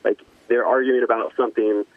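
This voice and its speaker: A man's voice: medium pitch, steady tone, a little fast, no room sound. Male guest, easygoing, phone-call sound, dry. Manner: easygoing, hesitant, many fillers. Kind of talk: casual chat. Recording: dry tinny phone line.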